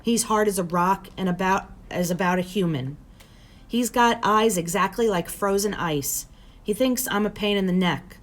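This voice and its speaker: A woman's voice: medium pitch, moderate pace, natural voice. A woman reading aloud, voicing a hurt, bitter teenage boy with a raised, heated delivery.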